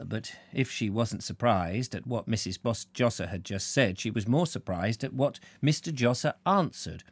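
A man narrating a novel aloud in a live reading, expressive, correcting his slips as he goes. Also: fairly low pitch, dry recording.

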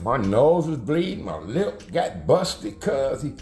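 A man's voice: mid-range voice, very animated, takes it slowly, creaky, hardly any pauses, a little mellow, soft background music. A middle-aged man, telling street stories in casual, profane, slang-heavy talk and acting out the quotes. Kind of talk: casual storytelling.

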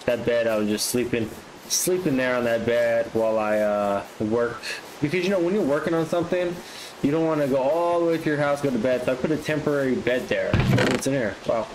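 A man casually commenting on his own gameplay, chatty and easily excited. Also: medium pitch, a little fast, slight background noise, low-quality recording. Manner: excitable, flares up into frustrated outbursts. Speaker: gaming vlogger.

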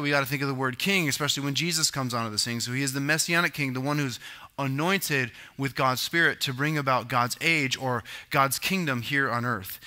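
A man's voice: mid-range voice, sharp tone. A man preaching a sermon as pastor, teaching in a conversational way with asides and self-corrections.

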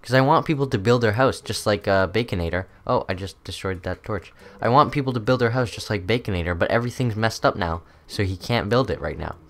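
A man's voice: fairly low pitch, a little fast, hardly any pauses, a bit bright. A young man hosting a gaming video, chatting loosely through his gameplay with lots of ums and uhs. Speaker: gaming channel host. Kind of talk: casual gameplay commentary.

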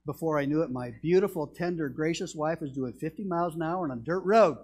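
Man, middle-aged pastor, husky, animated sermon delivery with shouted peaks. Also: fairly high pitch, a little fast. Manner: animated storytelling, shouting when excited.

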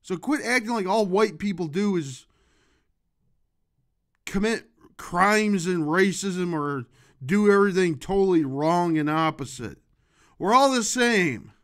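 Slow, bright-voiced rambling man. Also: high voice, expressive. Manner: rambling, shifts from loud outbursts to muttering. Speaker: vlogger. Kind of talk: rambling comedic monologue.

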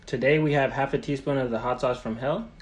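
A man's voice: medium pitch, steady tone, a little fast. A man hyping up a hot sauce challenge, announcing each item in turn. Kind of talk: food challenge video.

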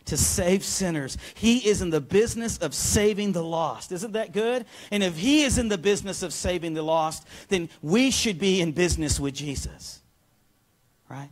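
An energetic man preaching from the pulpit, his voice sitting a little high for a man. He keeps pulling the congregation in with quick calls for an answer, in a church sanctuary. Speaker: pastor. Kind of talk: sermon.

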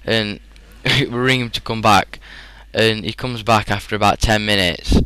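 A man's voice: fairly low pitch, steady tone, unhurried, pushed and bright, clear, resonant tone, no echo, low-quality recording. A young man in his teens with a British English accent, chatting rambly and casually as a gaming commentator, full of fillers. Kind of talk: casual storytelling over gameplay.

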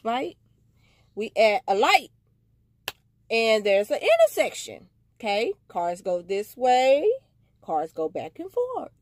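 A woman telling a casual storytime to camera, animated and slangy, talking straight to her viewers. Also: high voice, no room sound. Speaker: storytime vlogger.

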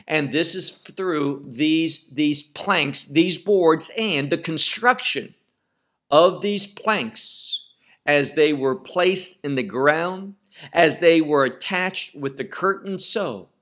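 Slow, deliberate male Bible teacher. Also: sits high, a bit bright. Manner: deliberate, repeats phrases for emphasis. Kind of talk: Bible study lecture.

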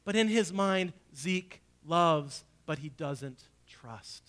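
High, bright-voiced man preaching. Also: expressive, slow. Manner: storytelling, swinging between hushed and loud. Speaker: pastor. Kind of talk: sermon.

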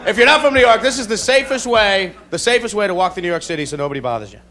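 A man from the US doing a stand-up set in an animated manner, jumping into excited voices. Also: high-pitched, racing. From United States. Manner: animated, jumps into excited voices for parents and impressions. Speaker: stand-up comedian. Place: comedy club stage. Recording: comedy club, crowd laughter and noise.

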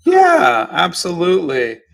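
A man's voice: high-pitched, huge pitch swings, slow pace, gravelly, fairly bright tone. A man hosting a live painting stream, casually answering viewer questions with art advice. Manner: easygoing, gives drawing advice. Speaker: artist host.

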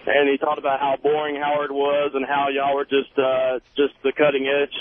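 A man's voice: mid-range voice, monotone, moderate pace, a crowd in the background. Male caller on a phone line. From South Carolina. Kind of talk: phone call to radio show. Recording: tinny phone line with faint hiss.

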